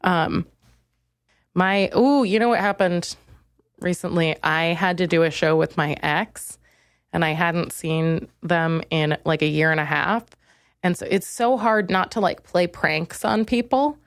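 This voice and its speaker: A young woman comedian hosting her own podcast, in a rambling, crude, self-deprecating monologue that jumps into high, exasperated rants. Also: unhurried, no room sound, studio quality.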